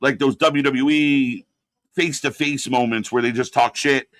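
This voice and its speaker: A man's voice: medium pitch, fairly even intonation, normal speed, no room sound. A man hosting a live watch-along, reacting and critiquing in a rambling, exasperated way with lots of fillers. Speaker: host.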